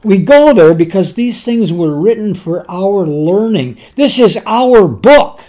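A man preaching a sermon, teaching slowly and deliberately with emphatic pauses. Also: high-pitched, expressive, mellow.

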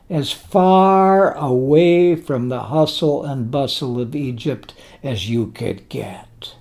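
Guy preaching a sermon, real slow and drawn out, hammers words by saying them twice. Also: high-pitched, warm tone. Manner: slow, emphatic, repeats words for stress.

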